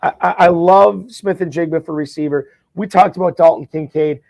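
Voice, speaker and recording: A man's voice: on the high side, steady tone, a little fast, creaky, a little mellow, no echo. Eager man with a dry, close sound. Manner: eager, with frequent stammered restarts. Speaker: guest, fantasy football champion. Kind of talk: casual podcast chat.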